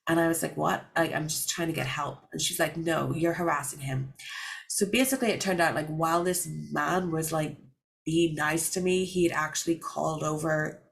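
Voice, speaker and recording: Young woman vlogger, deep voice with vocal fry, casual rambling storyteller. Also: poor audio. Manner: rambling, many fillers and restarts.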